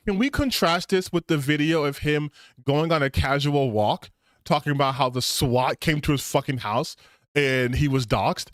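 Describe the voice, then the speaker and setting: A man's voice: on the high side, moderate pace, no room sound, clean studio sound. A man hosting a gaming channel, giving heated, sarcastic, profane reaction commentary on a video.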